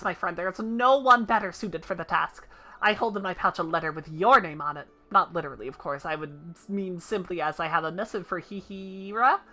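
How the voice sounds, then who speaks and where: A woman voicing a small, excitable moogle postal creature, chirpy and pleading as she reads game dialogue aloud. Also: mid-range voice, close to an everyday voice. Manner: chirpy, pleading, says kupo.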